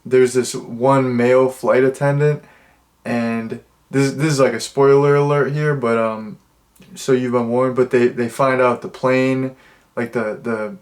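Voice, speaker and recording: A young man talks through a film review in a loose, easygoing way, circling back on his sentences and padding them with fillers. His voice sits at an ordinary middle pitch, and he sounds relaxed and unhurried from a dim room indoors. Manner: rambling and laid-back, with many "like" fillers and restarts. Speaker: movie reviewer. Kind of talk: casual spoken film review. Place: dimly lit room indoors.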